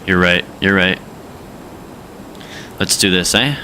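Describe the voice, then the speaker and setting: A young man hosts a flight-sim livestream, talking in loose slang and cracking jokes. His voice sits a bit low but comes across bright and forceful, with a faint hiss behind it. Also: takes it slowly. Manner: slangy, joking, drops into put-on accents. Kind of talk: casual livestream chat.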